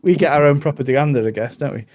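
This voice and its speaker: A British man talking loosely in a group call, his voice sitting a touch higher than most men's. He rambles, trips over his own words, restarts sentences and reaches for fillers as he works his way to a point. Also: quick pace, darkish tone, muffled recording. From Britain. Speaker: co-host. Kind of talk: casual group chat on a call.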